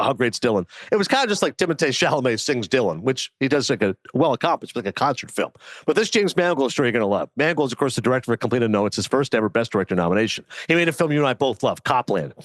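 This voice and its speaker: Fast, animated man trading film anecdotes. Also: mid-range voice, no room sound. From Canada. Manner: quick anecdotes with acted-out quotes. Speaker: guest, film and sports commentator. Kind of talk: casual chat.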